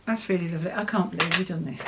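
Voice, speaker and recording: An English woman from the UK, a vlogger chatting excitedly while unboxing gifts, gushing and laughing often and cooing playfully at her dogs. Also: lowish voice, rapid-fire, noisy background. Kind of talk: casual unboxing chat.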